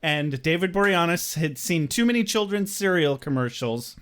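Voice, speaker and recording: A man with a slightly raised pitch talks loosely as a podcast co-host. He swears freely and laughs often, keeping the chat relaxed and rambling. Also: moderate pace. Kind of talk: casual chat.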